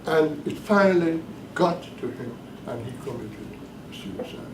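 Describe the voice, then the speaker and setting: A man giving a classroom lecture as the professor leading a course, talking deliberately and emphatically and repeating his key points. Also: a little high, expressive, noisy background. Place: bookstore cafe classroom. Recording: echoey room, mic at a distance.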